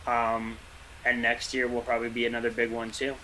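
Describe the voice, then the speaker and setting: A man's voice: mid-range voice, completely flat delivery, fairly quick, sharp tone, a little hiss or hum, poor audio. A man co-hosting a fan podcast in casual chat, rambling with dry jokes. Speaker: podcast co-host.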